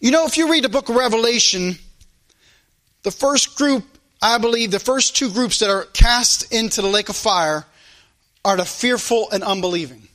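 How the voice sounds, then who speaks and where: Male preacher, high bright voice, church sermon that swings between loud and quiet. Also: normal speed. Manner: preaching with sudden rises and drops in loudness. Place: church service.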